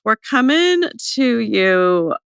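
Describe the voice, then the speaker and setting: A young woman co-hosting a podcast, her voice gravelly with vocal fry after a cold. She talks in a bubbly, chatty way, and her pitch swings up and down a lot. The sound is close and dry. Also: big pitch swings, takes it slowly, fairly bright tone, dry recording. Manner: bubbly, chatty, laughing often. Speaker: podcast co-host. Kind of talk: casual chat.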